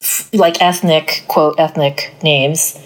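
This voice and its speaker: Low-voiced chatty woman guest. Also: fairly even intonation, slow, low-quality recording. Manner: chatty, leans on "like" as filler. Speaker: executive director of an arts organization, guest. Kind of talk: casual podcast chat.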